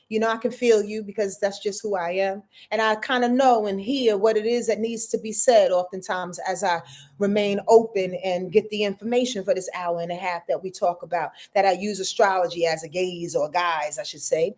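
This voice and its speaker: A woman's voice: mid-range voice, a little mellow. A woman astrologer hosting a live weekly forecast, talking straight to her viewers in an emphatic, preachy way and repeating phrases for effect. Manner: talks straight to viewers with "y'all", affectionate. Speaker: astrologer and show host.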